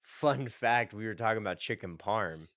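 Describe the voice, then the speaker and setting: A man's voice: fairly low pitch, lively intonation, moderate pace, fairly bright tone, no echo, clean studio sound. A young man hosting a podcast, rambling casually with lots of laughter. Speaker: podcast host. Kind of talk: casual chat.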